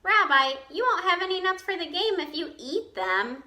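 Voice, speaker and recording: A woman's voice: very high-pitched, very animated, normal speed, sharp tone, reverberant, pitched above the performer's own voice, full character voice. A woman voicing a kindly, chatty old grandmother with failing eyes, fussing over her guest in a storybook read-aloud. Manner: cheerful, chatty, fussing hostess.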